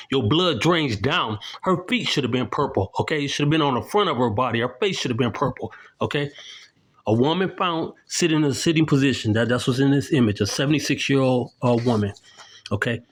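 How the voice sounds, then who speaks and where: A man's voice: mid-range voice, expressive, fairly quick. A middle-aged man giving emphatic, accusatory commentary to camera, walking through documents and often asking "okay?". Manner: indignant, accusatory, keeps tagging "okay?"; explains while showing documents to the camera. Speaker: independent video commentator.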